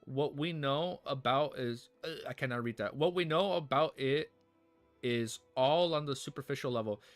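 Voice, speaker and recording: A man streaming live, reading a novel aloud haltingly and breaking off to joke and react to it. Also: medium pitch, dry recording, soft background music.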